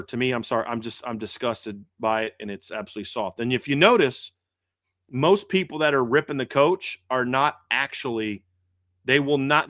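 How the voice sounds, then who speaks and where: A man's voice: mid-range voice, a bit bright, no echo, studio quality. Indignant, heated male podcast host. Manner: heated, indignant, repeats and restarts words. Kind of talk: casual podcast rant.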